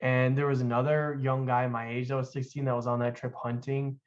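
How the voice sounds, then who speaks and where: Brief: young adult male guest, casual halting storyteller, middle pitch, dull lo-fi recording. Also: level tone. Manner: loose and halting, with many fillers. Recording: dull lo-fi sound.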